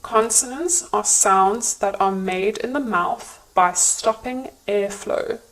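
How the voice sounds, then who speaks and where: A woman narrating a scripted English pronunciation lesson in a clear, measured teaching manner. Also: mid-range voice, fairly bright tone, poor audio.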